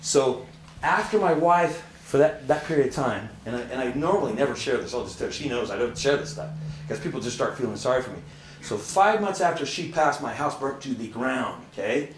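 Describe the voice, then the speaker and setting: A man's voice: mid-range voice, animated, fairly quick, far from the mic, slight background noise. A middle-aged man giving an earnest, conversational motivational talk to an audience, laughing often. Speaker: motivational speaker. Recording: echoey room, speaker away from the mic.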